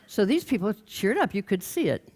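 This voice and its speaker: An older woman from Los Angeles telling a humorous story in a stage talk, lively and quoting people as she goes. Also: mid-range voice, fairly quick. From Los Angeles, USA. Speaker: speaker. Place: stage before a live audience.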